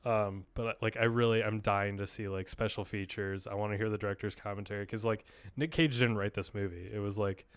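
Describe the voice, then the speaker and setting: A man's voice: fairly low pitch, steady tone, brisk, few pauses, clean tone. A man co-hosting a podcast, chatting casually and enthusiastically with lots of fillers and restarts. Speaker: podcast co-host. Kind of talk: casual chat.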